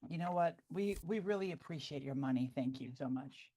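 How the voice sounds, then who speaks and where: A woman's voice: low voice, brisk, dark tone, slight background noise. A woman from Southern California, co-hosting a stream in a chatty, exasperated storytelling manner. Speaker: co-host. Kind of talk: casual chat.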